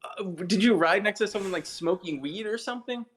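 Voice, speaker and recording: A man's voice: high-pitched, a little fast, fairly bright tone. A young man co-hosting a podcast in casual chat, joking and teasing his friend. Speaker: podcast co-host.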